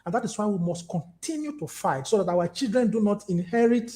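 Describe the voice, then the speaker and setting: A Nigerian man in his fifties with a Nigerian accent, an activist talking in an animated, storytelling way in an interview. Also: high-pitched, fairly quick. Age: 50s. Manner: animated, storytelling, repetitive emphasis. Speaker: activist guest. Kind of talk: conversational interview.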